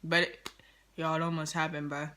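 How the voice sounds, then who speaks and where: A woman vlogger telling a story in an animated, slangy, dramatic way. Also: low-pitched, normal speed, heavy background noise. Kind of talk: storytime vlog.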